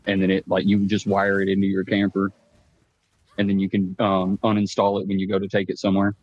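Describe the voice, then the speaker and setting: Brief: laid-back co-host, lowish voice, dry dull lo-fi sound. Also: male voice, completely flat delivery, a little fast, a little mellow, no room sound. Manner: laid-back, joking, swears casually. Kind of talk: casual chat.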